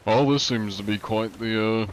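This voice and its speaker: A man's voice: lowish voice, moderate pace, slight background noise. A male streamer talking casually through a live gameplay stream, rambling with lots of filler words. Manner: rambling, many filler likes.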